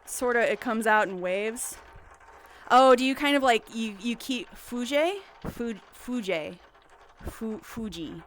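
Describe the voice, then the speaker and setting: A woman's voice: a little high, a little slow, slight background noise. A young woman livestreaming, chatting casually and rambling with giggles and restarts.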